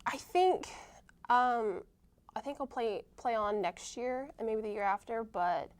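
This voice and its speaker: A young woman, a college softball player, answering interview questions casually, often pausing with ums and starting sentences over. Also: on the high side, smooth. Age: young adult. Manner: hesitant, many ums and restarts.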